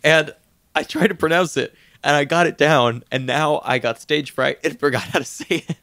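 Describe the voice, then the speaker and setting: Gravelly-voiced man in casual chat. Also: fairly high pitch, normal speed, no echo, studio quality. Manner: animated, laughs often, trips over words. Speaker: podcast co-host. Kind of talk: casual fantasy sports chat.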